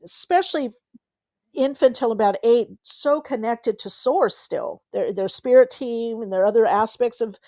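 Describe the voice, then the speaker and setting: A woman hosts a relaxed interview, chiming in with quick, affirming remarks. Her voice is fairly high, recorded close and dry. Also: no echo. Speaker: host. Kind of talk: casual interview chat.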